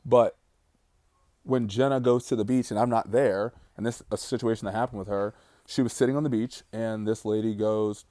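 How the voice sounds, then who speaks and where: A grieving man in his thirties talks earnestly and reflectively in a personal vlog. His voice is low and mellow, and he lingers over the heaviest words. The recording is dry and close, with no room sound. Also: steady tone, moderate pace, dry recording. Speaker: vlogger.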